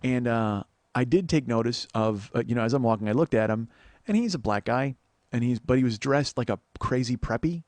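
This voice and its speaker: Brief: fast, profane male podcast host in his 40s, dry close sound, rambling and animated. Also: medium pitch, dry recording. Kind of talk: storytelling monologue.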